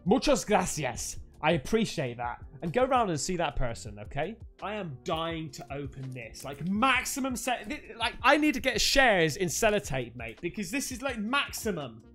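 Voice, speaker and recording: A man opening fan mail on his channel, chatting in an excitable, exclamatory way and calling everyone mate. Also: high-pitched, moderate pace, hardly any pauses, soft background music. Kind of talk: casual unboxing chat.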